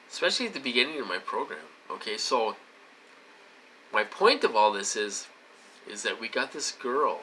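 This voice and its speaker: A man's voice: fairly low pitch, sharp tone, a little hiss or hum, rough recording. A middle-aged man talking into his phone to his viewers in a rambling, insistent monologue, repeating himself with agitation. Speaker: vlogger.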